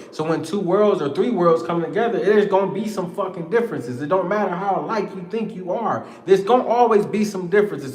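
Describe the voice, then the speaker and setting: A man in his thirties talking in a casual, profane monologue, animated and slangy, often laughing as he rants. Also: fairly high pitch. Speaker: podcast host. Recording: echoey room with long reverb.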